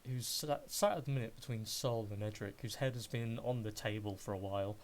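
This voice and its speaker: A man's voice: on the low side, brisk. A man running a tabletop game as game master, describing scenes in a hesitant, filler-laden way.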